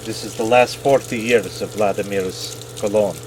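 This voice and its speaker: A man's voice: fairly low pitch, steady tone, normal speed. A man hosting a laundry video, chatting casually and playfully as he sets up washing machines. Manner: playful, jokey. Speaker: host. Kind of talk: casual demonstration chat. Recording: noisy with running water.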